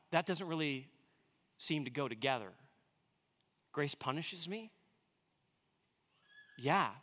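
A pastor in his thirties, his voice a little high, preaches a sermon. He tells a family story with earnest warmth and some self-deprecating humor.

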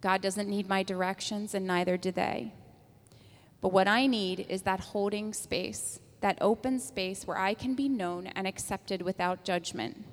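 A woman giving a calm, reflective talk on prayer at a church service. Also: mid-range voice, a little slow. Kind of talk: reflective sermon reading. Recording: long echo of a hall.

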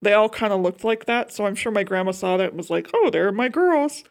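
A woman's voice: mid-range voice, fairly even intonation, fast talker, smooth. A young woman co-hosting a podcast in casual chat, talkative and swearing, with lots of "like" fillers. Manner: chatty, swearing, many "like" fillers. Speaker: podcast co-host.

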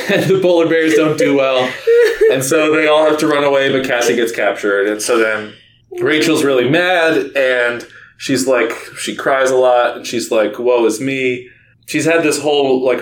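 A man's voice: mid-range voice, roomy sound. A man co-hosting a podcast, giving a chatty, sarcastic recap of a book's plot and laughing as he goes. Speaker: podcast co-host.

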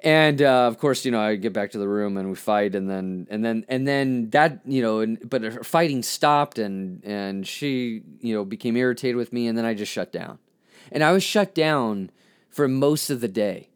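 Halting, reflective man with a smooth voice. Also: medium pitch, animated. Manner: halting, reflective, full of restarts; frank, self-critical. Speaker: podcast host. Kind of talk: candid personal monologue.

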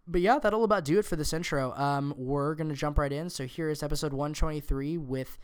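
A young podcast host, hoarse and a little sniffly from a cold, chats casually in a slightly high voice. It sounds rough and raspy, yet a smooth, resonant core comes through. He rambles, filling his pauses with ums.

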